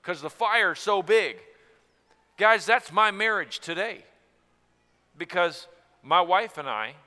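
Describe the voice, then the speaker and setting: A man, from Tennessee, preaching a sermon about marriage in an earnest way, going from soft to loud. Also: high voice, big-room sound.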